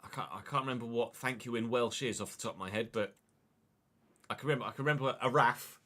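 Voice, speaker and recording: Bright-voiced young man streaming a game. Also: medium pitch, fast talker. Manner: chatty, thanks viewers by name between plays. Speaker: gaming streamer. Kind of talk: live-stream game commentary.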